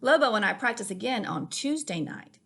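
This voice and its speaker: A woman reading a children's picture book aloud in an expressive read-aloud manner. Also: on the high side, a little fast, vocal fry, breathy edge. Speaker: reader. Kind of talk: storybook reading.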